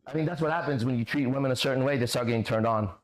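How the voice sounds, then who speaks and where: Brief: male stream host, mid-pitched, blunt and profane, lectures his critics. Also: racing. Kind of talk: livestream reading and answering chat comments.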